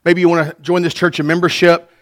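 A man preaching a sermon as pastor, earnest, swinging between soft passages and loud ones. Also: on the high side, little pitch movement, fast talker.

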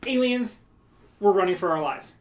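A man's voice: high voice, expressive, normal speed. A man co-hosting a podcast in casual chat, rambling along with joking asides. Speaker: podcast co-host.

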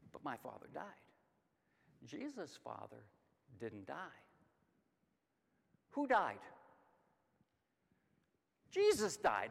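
A middle-aged man teaching a Bible lesson, emphatic and lively, asking questions and answering them himself. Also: a little high. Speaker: Sunday school teacher. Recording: long hall reverb.

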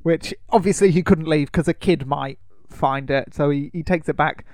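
A man on a podcast, talking through a film plot in a loose, rambling way. His voice sits fairly high for a man. The sound is close and dry, with no room around it. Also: moderate pace, darkish tone, no echo. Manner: rambling retelling with fillers and laughs. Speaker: podcast co-host. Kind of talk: casual film recap chat.

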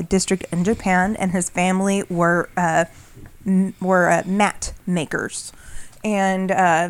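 A woman co-hosting a podcast, explaining in casual chat with many restarts and fillers. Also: lowish voice. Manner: rambling, frequent restarts and fillers. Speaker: podcast co-host.

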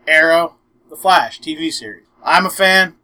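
A young podcast host tells a long story in an animated way, acting out the quotes and saying "I'm like" again and again. His voice is on the high side at normal speed, and the recording is rough.

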